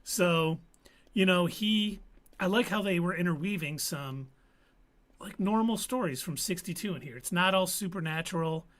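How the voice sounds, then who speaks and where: A man's voice: high voice, moderate pace. A man hosting a live stream, casually recapping a TV episode and acting out quotes from the characters. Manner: animated storytelling with acted quotes. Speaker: podcast host.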